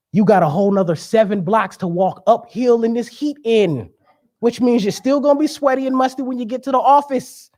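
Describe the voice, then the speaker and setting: A man's voice: high voice, a little mellow. A young man giving a sermon as a guest speaker, conversational and joking, with emphatic preaching.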